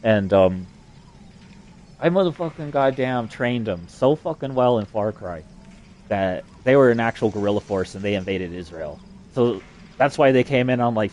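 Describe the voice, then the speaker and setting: A young adult man telling a long, rambling story, swearing constantly and padding it with fillers. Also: mid-range voice. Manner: crude, profane, rambling, with frequent fillers and swearing. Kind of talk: rambling profane storytelling monologue.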